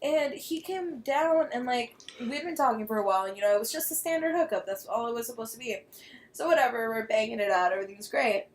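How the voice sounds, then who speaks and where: Host woman, high voice, animated storyteller, laughs loud, explicit casual chat. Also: fast talker. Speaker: podcast co-host.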